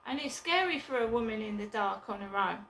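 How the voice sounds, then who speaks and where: Woman vlogging at home, casual rambling chat, blunt, bright higher voice, echoey room. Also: lively intonation, brisk, slight background noise. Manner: chatty, rambling, blunt with swearing. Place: her flat.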